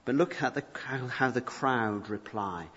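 Male preacher, animated sermon delivery, slightly husky voice, muffled hall recording with long reverb. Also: mid-range voice, unhurried. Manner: animated, rising emphasis on key points, rhetorical questions. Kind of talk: expository sermon.

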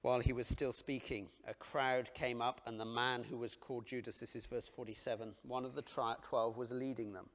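A man preaching a sermon, earnest and dramatic, dropping to hushed near-whispers and then rising to loud emphasis, asking his listeners direct questions. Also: mid-range voice, little pitch movement, moderate pace, few pauses.

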